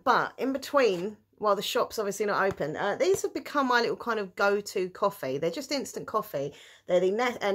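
Chatty woman showing a shopping haul. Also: mid-range voice. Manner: chatty, giggly, bursts of excitement. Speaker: vlogger. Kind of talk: casual shopping haul chat.

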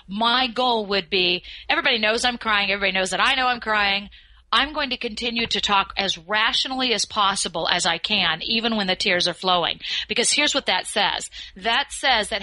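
A woman who is a communication skills expert, answering podcast interview questions in a measured, articulate way. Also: medium pitch, pushed and bright, no echo, poor audio. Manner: measured, advice-giving, articulate.

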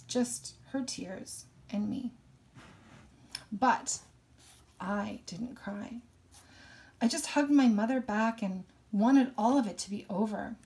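Woman reading a book aloud for class, slow, stops to explain stuff. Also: mid-range voice, a little mellow. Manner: thoughtful, explains the story between passages. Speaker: teacher reading a novel aloud. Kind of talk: reading a novel aloud with commentary.

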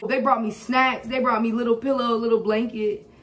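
A woman telling a story in a casual, animated vlog chat at home. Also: a little high, normal speed. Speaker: vlogger. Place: home kitchen.

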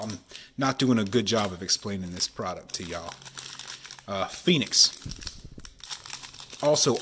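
A man, chatting excitedly while opening sports card packs at home and keeping his voice down. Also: lowish voice, background noise. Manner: excited, chatty, says y'all often; keeping voice down while kid sleeps. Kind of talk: casual card-opening vlog. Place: home, at night.

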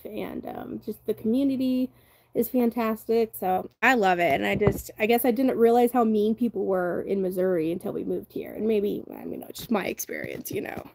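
A woman's voice: medium pitch, gravelly, a little mellow. A young adult woman from the Southern United States, chatting casually on a livestream, reading viewer comments aloud and laughing often as she rambles. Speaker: livestream host.

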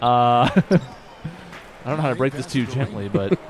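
A man's voice: medium pitch, moderate pace. A man co-hosting a basketball video game session, joking, laughing often and talking through his plays. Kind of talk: casual let's-play chat. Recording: game crowd audio underneath. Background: video game arena crowd.

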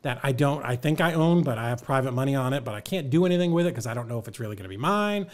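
A man's voice: medium pitch, expressive, rapid-fire, darkish tone. A middle-aged man, a guest on a talk show, casually telling a story, acting out both sides of the dialogue, swearing freely and saying "like" a lot. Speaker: podcast guest, real estate investor.

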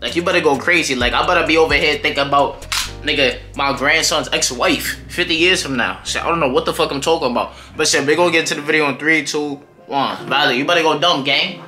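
A man's voice: fairly high pitch, quick pace, pushed and bright. A man hosting a music reaction video, talking to viewers in loose, slangy casual chat. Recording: echoey room with faint music behind.

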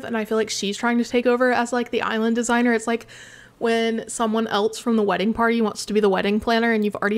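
A woman hosting a gaming channel who chats casually and sleepily over her gameplay, rambling off topic and poking fun at herself. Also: a little high. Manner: chatty, rambling, self-mocking, sometimes yawning.

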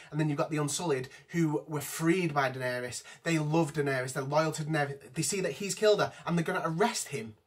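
A man's voice: a little high, a bit bright, slightly rough. Exasperated man ranting. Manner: exasperated, profane, ranting from notes. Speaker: vlogger. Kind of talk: ranting TV review.

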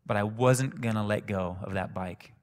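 A man preaching a sermon in a church, telling a personal story in a calm, conversational way. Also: fairly low pitch, moderate pace. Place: church sanctuary. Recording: reverberant church hall.

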